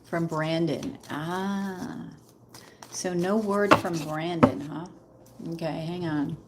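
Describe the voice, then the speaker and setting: A woman does a casual live tarot reading, chatting straight to her viewers and calling them Queen. Her voice is fairly low and steady, she speaks slowly, and there's heavy background noise.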